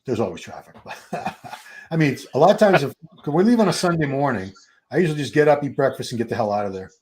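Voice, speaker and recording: A man's voice: medium pitch, lively intonation, fast talker, a little mellow, slight background noise. A man in his fifties hosting a live watch party stream, chatting casually, restarting his sentences and talking to the chat. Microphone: streaming setup.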